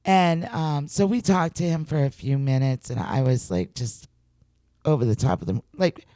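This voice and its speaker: A middle-aged woman hosting a podcast, telling an excited story in casual chat, stammering and laughing as she goes. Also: low-pitched, normal speed, no echo, clean studio sound. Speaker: podcast host.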